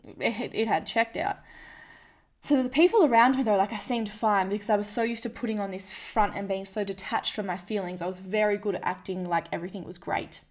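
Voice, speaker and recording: A woman's voice: mid-range voice, brisk. A woman speaking in a candid personal monologue, frank and self-deprecating, often quoting her own inner voice. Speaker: vlogger sharing a personal story.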